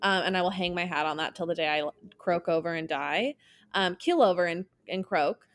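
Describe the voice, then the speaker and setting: A woman's voice: fairly low pitch, brisk, a bit bright. A young woman hosting a podcast, chatting casually and enthusiastically, often correcting herself mid-sentence. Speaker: podcast host. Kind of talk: casual chat.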